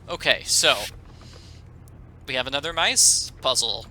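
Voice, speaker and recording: A man's voice: mid-range voice, animated, moderate pace, a little hiss or hum, poor audio. A man doing gameplay commentary as the host of a let's play, making wry, sarcastic asides. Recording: loud game music underneath.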